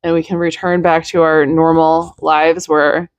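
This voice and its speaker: A woman's voice: low voice, little pitch movement, a little slow, clean tone, dry recording. Tired, blunt woman ranting on a podcast. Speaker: news podcast host. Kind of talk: casual opinion monologue.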